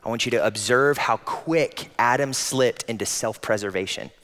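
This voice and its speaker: A male pastor preaching a sermon with a medium-pitched voice. He builds to loud, emphatic peaks and then drops soft and close. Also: moderate pace, slight background noise. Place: church auditorium.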